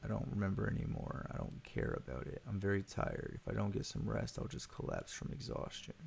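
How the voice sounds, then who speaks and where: Exhausted widow dragging her dead husband around, a guy reading her lines, gravelly low hush. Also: expressive, a little fast, a little hiss or hum. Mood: weary. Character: weary grieving woman traveler carrying her dead husband.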